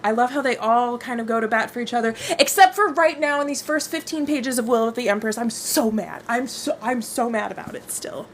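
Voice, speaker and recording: A young woman hosting a casual livestream book club reads out viewer comments and gushes, frequently repeating herself, speaking into a wireless microphone. Her fairly high voice is animated at a normal speed, with slight background noise.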